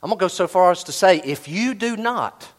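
A middle-aged man preaching a sermon, animated, swinging from loud bursts to hushed asides. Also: sits high, fairly quick. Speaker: pastor.

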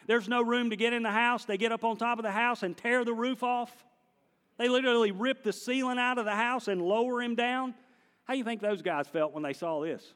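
Preacher, man, high-ish voice, animated delivery, long hall reverb. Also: normal speed. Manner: animated, swings between hushed and loud. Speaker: pastor. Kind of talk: sermon.

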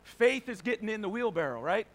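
A man with a notably high voice delivering a sermon. He preaches conversationally, asking the congregation rhetorical questions and briefly acting out the people in his stories. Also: expressive, a little fast. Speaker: pastor.

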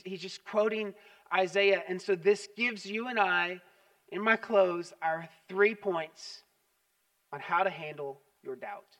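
A man delivers a sermon in a high, bright tone. He tells stories with animated emphasis and repeats his points. The voice is picked up from some distance away. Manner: animated storytelling, emphatic repetition. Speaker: pastor.

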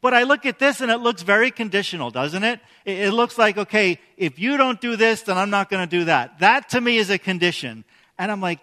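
A man's voice: sits high, expressive, brisk, sharp tone, long reverb tail. A man preaching a sermon in a conversational way, often asking the congregation questions. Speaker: pastor.

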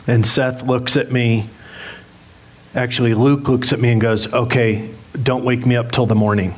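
A man's voice: mid-range voice, level tone, normal speed, a little hiss or hum. A middle-aged man preaching a sermon as pastor, candid and self-deprecating as he tells a story with humor. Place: church sanctuary.

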